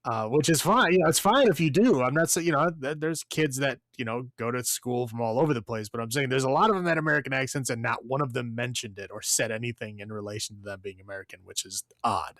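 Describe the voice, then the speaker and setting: In a clean studio recording with no room sound, a man with a mid-range, slightly bright voice talks fast with few pauses. He's co-hosting a podcast, giving a blunt, foul-mouthed, meandering movie review stuffed with fillers in a casual chat.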